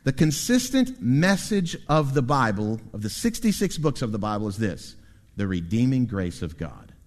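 A man preaching a sermon as pastor, with lively delivery and quick asides to the congregation. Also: mid-range voice. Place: church sanctuary. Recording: long reverb in a church hall.

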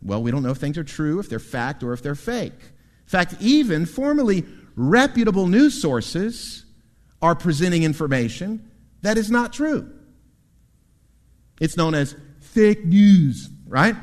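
A man preaching a sermon as pastor, with lively delivery and quick asides to the congregation. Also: on the high side. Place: church sanctuary. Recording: long reverb in a church hall.

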